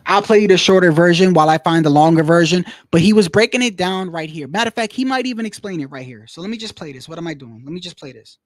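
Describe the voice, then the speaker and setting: A man's voice: sits high, fast talker, hardly any pauses, no echo. A man giving casual, heated commentary, profane and repeating himself as he rants. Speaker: boxing commentary streamer.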